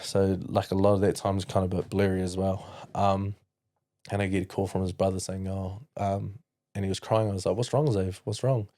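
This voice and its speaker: Deep mellow New Zealand young man. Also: completely flat delivery. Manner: halting, frequent "like" and restarts, quoting others. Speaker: podcast guest. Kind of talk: candid storytelling interview.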